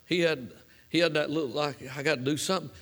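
A middle-aged preacher with a high, bright voice tells a personal story from the pulpit. His delivery is folksy and plainspoken, and it swells into fervent preaching. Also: fast. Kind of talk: storytelling sermon.

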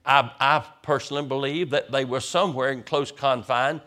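Man, pastor, sermon, mid-pitched voice, vivid storytelling, stumbling restarts. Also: steady tone, moderate pace, bright, forceful tone.

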